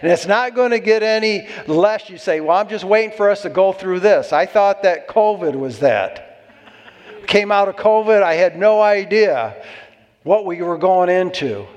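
A man's voice: sits high, animated, normal speed, long reverb tail. A man preaching a sermon as pastor, exhorting and calling for amens from the congregation.

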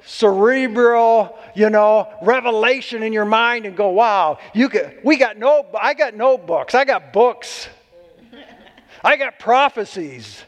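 A man's voice: high-pitched, expressive, a little slow. A man preaching a sermon to a congregation, exuberant and whooping between points. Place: church hall. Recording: long hall reverb.

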